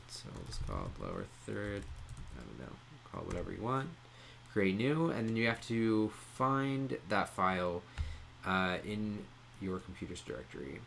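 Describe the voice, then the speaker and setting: A man presenting a casual software tutorial, explaining each step in a relaxed way with frequent "um" pauses. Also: deep voice, gravelly, slight background noise. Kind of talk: casual screen-share tutorial.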